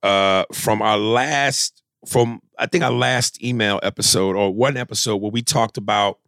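Man, podcast co-host, casual comedic chat, gravelly voice, animated and profane, dry close mic. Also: on the low side, measured pace, no room sound. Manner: animated, profane, stammering restarts.

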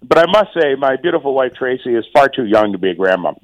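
A man's voice: mid-range voice, sing-song, no room sound, muffled recording. A middle-aged man, a township mayor, talks casually as a radio guest, often restarting and repeating words. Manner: halting, many repeated words and fillers.

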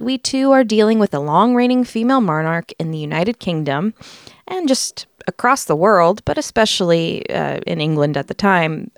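Woman podcast host from the US, lower voice, chatty explainer, dry studio sound. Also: no room sound. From United States. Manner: chatty, explains facts, frequent fillers. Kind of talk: casual podcast chat and research narration.

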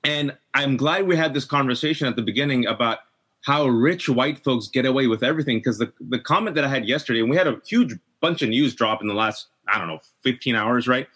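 A man's voice: mid-range voice, fairly quick, bright, forceful tone. Impassioned middle-aged man talking politics. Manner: impassioned, emphatic. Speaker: podcast guest. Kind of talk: political discussion.

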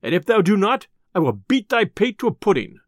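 A man voicing a grim, angry male tinker in a storybook reading, gruff and threatening. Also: high-pitched, very animated, brisk, no echo, studio quality, voice pushed up.

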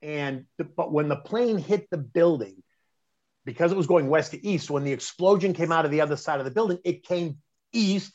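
A middle-aged man, telling a personal story in conversation, animated and emphatic, often restarting mid-phrase. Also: fairly high pitch, moderate pace. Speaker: interview guest recounting a personal story. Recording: dull lo-fi sound.

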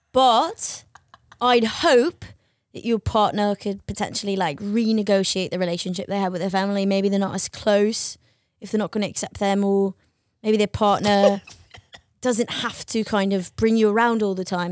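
A woman's voice: mid-range voice, fairly even intonation, normal speed, dry recording, studio quality. A woman co-hosting a comedy podcast, chatting casually with crude jokes. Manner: crude, joking, puts on mock British slang. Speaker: podcast co-host.

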